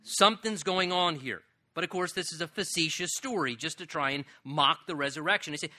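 A male pastor delivers a sermon in a very bright, ringing voice. He sits a little high in pitch and leans hard into his key phrases to drive them home. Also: fairly quick. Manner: emphatic preaching, swelling on key phrases.

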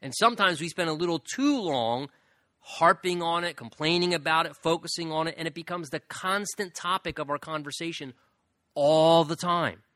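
A man preaching a sermon with a high-pitched, bright voice. He speaks earnestly, voices pleading questions and stretches key words. The sound is dry and close. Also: fairly quick, no room sound. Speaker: pastor.

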